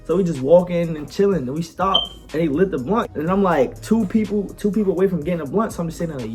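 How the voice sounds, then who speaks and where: A man's voice: sits high, expressive, fast, few pauses, soft background music. A young man, a podcast co-host, telling a story in a laid-back, slangy way, often laughing as he talks. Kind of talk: casual storytelling chat.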